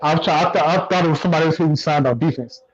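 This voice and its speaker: A man co-hosting a casual sports podcast, relaxed and repeating himself as he thinks. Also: a little high, racing, muffled recording. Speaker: podcast co-host.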